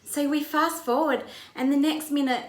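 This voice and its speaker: A woman's voice: high-pitched, steady tone, normal speed, reverberant. A woman pastor retelling a Bible story in a conversational way, with vivid narration. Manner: vivid retelling, acts out quoted lines.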